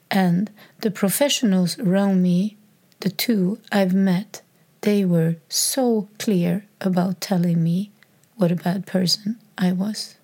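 A woman telling a raw personal story in a halting, reflective way, with many restarts. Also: mid-range voice, fairly even intonation, darkish tone. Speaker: speaker sharing a personal story. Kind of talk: personal testimony.

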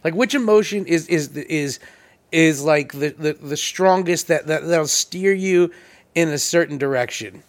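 A man's voice: on the high side, unhurried. A man co-hosting a podcast, teasing crudely and stammering through restarts in casual banter. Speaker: podcast co-host.

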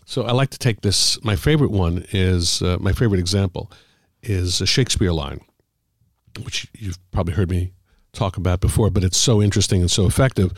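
A man, middle-aged or older, an author telling stories about the craft of writing in a casual, halting way with many fillers. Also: low voice, no room sound, clean studio sound. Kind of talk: casual conversational storytelling.

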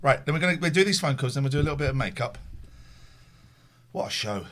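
A man's voice: medium pitch, animated, fast talker, a bit bright. A man co-hosting a casual home livestream from his kitchen, joking and teasing. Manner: playful, jokey, breaks into song and silly voices. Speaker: co-host. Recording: roomy, distant mic, clear background noise.

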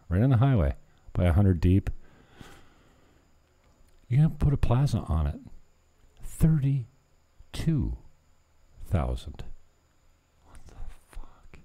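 A man's voice: on the low side, mellow. A man chatting casually in a vlog, rambling and joking at himself, slipping in broken Spanish. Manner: rambling, self-mocking, drops in broken Spanish. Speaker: vlogger.

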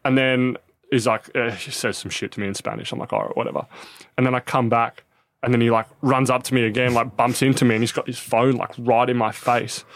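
A young Australian man talks at a quick clip, stringing his story together with "like" and offhand swearing. The sound is close and dry, with no room around him. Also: mid-range voice, steady tone, dry recording. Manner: swears freely, story full of "like" and quoted self-talk. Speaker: professional tennis player guest. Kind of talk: casual storytelling chat.

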